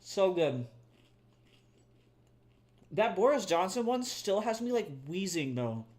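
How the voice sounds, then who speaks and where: With a high voice, big swings in pitch, a slow pace, and a slightly mellow tone, this young man chats casually with viewers while live-streaming his art and reading chat. He's relaxed and self-deprecating, cursing freely and laughing easily.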